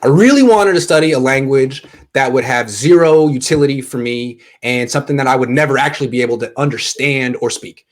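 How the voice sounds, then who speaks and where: A man's voice: medium pitch, fairly quick, hardly any pauses. A young adult man from the United States hosting a casual sports chat, reading viewer comments aloud and joking. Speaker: podcast host. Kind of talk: casual live-stream chat.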